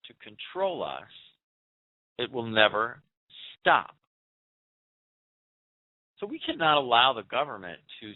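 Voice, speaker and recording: A man's voice: fairly high pitch, dry recording. A man hosting a talk radio show, delivering a fired-up, preachy political monologue with rhetorical questions. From United States. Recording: tinny phone-like audio.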